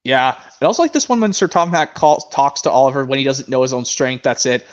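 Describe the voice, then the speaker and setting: A young man chats on his stream in a hesitant, rambling way, often restarting his sentences. His pitch is lively and wanders up and down, and his mic sounds dull and lo-fi. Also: a little fast. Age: young adult. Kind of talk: casual chat.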